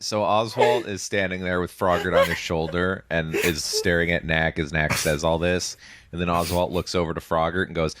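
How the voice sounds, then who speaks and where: Calm male player, very deep voice, faint background hiss. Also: moderate pace. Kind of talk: casual narration of his character's actions.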